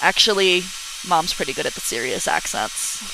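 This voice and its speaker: A woman's voice: low-pitched, normal speed, background noise. A girl in her late teens, co-hosting a live stream and chatting casually with viewers. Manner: relaxed, chats with viewers. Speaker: co-host reading chat. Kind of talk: casual chat.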